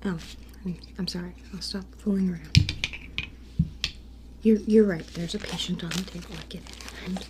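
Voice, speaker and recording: A woman voicing a clumsy, well-meaning young female elf in a whispered role-play, talking softly and apologetically into a close microphone. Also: on the low side, steady tone, moderate pace, long pauses, heavy background noise, lightly acted. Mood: sheepish. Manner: soft, apologetic, fussing over a teddy.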